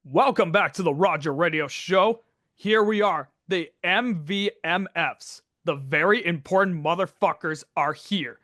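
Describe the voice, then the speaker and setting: A man's voice: sits high, measured pace, sharp tone, no room sound, studio quality. A young man hosting a casual podcast, brash and joking, swearing constantly. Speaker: podcast host. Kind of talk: casual profane podcast chat.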